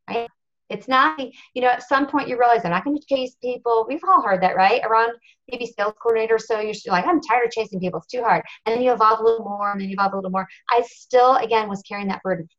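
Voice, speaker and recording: A woman's voice: fairly high pitch, fairly bright tone, lo-fi sound. A woman telling her own story on a team conference call, earnest and confessional, stressing her points with repetition. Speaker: national marketing director speaking on a team call. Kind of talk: motivational talk on a conference call.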